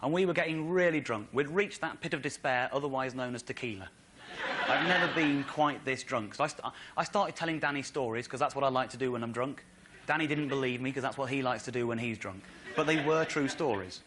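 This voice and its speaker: An English man telling a story on stage as a stand-up comedian, excitable, with incredulous outbursts. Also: a little fast, crowd noise. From England. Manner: excitable, builds to incredulous high-pitched outbursts. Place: stage in front of a live audience.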